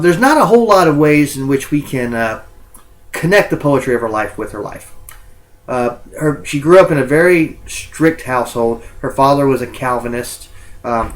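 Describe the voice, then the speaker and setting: A man's voice: mid-range voice, rough recording. A male college English instructor giving a recorded lecture. He fills his speech with ums and uhs and corrects himself as he goes.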